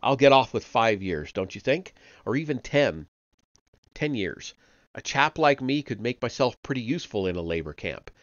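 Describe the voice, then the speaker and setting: A man's voice: medium pitch, sing-song, normal speed, dry recording, lo-fi sound, lightly acted. A man reading aloud and voicing a frightened, servile, middle-aged male prisoner who pleads eagerly and talks sanctimoniously. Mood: pleading.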